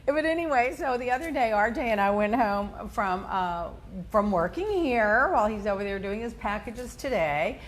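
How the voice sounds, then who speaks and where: High-voiced chatty woman host. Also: normal speed, slight background noise. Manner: animated, laughs often, acts out quoted people. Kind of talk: chatty personal storytelling.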